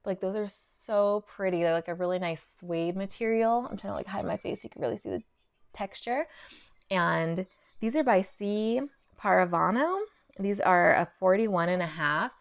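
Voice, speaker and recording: A woman's voice: lowish voice, normal speed, creaky. A young woman chatting casually through a thrift haul, full of "like" fillers and a little out of breath. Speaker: fashion vlogger.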